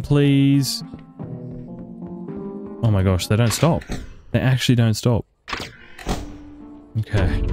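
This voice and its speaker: A young man giving sweary, frantic let's-play commentary, yelping high when panicked. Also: a little mellow. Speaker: gaming YouTuber.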